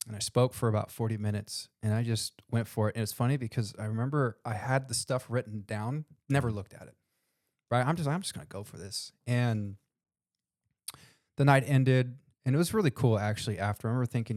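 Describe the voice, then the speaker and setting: During a casual podcast conversation, a co-host talks earnestly about faith, calling his guest "dude" and "man," and grows tearful while telling a story. His medium-pitched voice is a little fast and a little mellow, recorded dry with clean studio sound.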